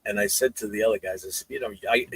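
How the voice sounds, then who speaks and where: A man's voice: fairly low pitch, very fast, vocal fry, breathy edge, no echo, poor audio. A man telling profane fan stories in a casual podcast chat. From New England. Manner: profane storytelling, animated. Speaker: podcast co-host.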